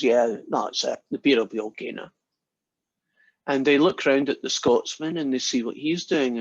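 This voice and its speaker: A man's voice: medium pitch, no room sound. Chatty male lecturer, dry lo-fi. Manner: chatty, storytelling, acts out quoted characters. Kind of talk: casual university lecture with jokes.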